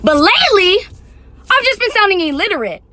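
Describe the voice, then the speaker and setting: This is a woman who chatters at high speed, packing her sentences with fillers as she rants casually to camera. Her voice is high and bright. The sound is dry and close. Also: sing-song, no echo. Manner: very fast, filler-heavy chatter. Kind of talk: casual vlog rant.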